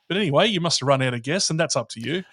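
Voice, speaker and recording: A man's voice: on the high side, lively intonation, racing, fairly bright tone, no room sound. A man, a podcast guest telling stories in casual chat and swearing freely.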